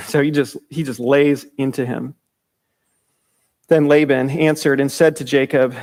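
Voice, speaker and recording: A man's voice: medium pitch, flat delivery, measured pace, pauses often, a little mellow. A man preaching an expository sermon. He reads scripture and breaks into casual, joking asides. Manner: conversational, joking asides with laughter. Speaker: pastor.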